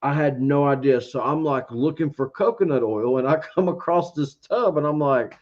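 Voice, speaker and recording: This beard reviewer from Georgia, a guest in a casual interview, wanders through an anecdote while playing out his earlier thoughts. His voice runs on the high side at normal speed, captured in dull, lo-fi audio.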